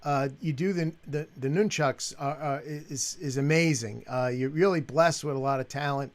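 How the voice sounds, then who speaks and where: A man hosting an interview show, asking questions haltingly with many restarts. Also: fairly high pitch. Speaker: show host. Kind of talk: interview chat.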